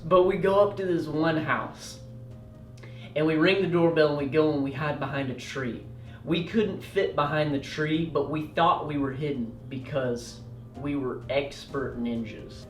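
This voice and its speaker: A young man tells a comedic story as host, animated and prone to yelling out the loud parts. His voice rings in a roomy space and sits a little back from the mic. Faint music plays underneath. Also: fairly high pitch, recorded from a distance. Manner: animated, yelling out quoted lines and rushing through bursts.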